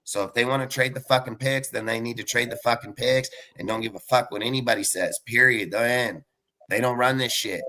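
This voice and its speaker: A man's voice: mid-range voice, fairly even intonation, bright, forceful tone, poor audio. A man ranting on a live sports fan podcast, heated and profane, tossing in "dude" and "like". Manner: fast and blunt, many fillers like "dude".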